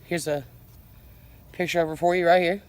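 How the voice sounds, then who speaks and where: A woman's voice: on the low side, fairly even intonation, moderate pace. A young adult woman vlogging in a casual, profane, slangy way, filmed on a handheld phone outdoors by her car. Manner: laid-back, profane, slangy. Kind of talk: casual vlog chat.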